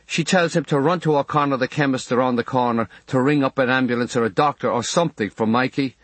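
A man's voice: mid-range voice, fast, no room sound. A man reading a memoir audiobook in a wry storytelling manner. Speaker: audiobook narrator.

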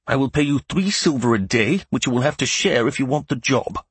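A man's voice: mid-range voice, expressive, fairly quick, breathy edge, dry recording. A man reading an audiobook, voicing a terse, businesslike male shopkeeper in a matter-of-fact way.

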